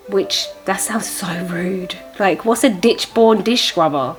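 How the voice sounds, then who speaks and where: A chatty woman talks to camera in a relaxed vlog, playful and a little cheeky. Her voice sits at an ordinary middle pitch, and she often laughs at her own jokes. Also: a little slow, faint music behind, rough recording. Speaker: history vlogger.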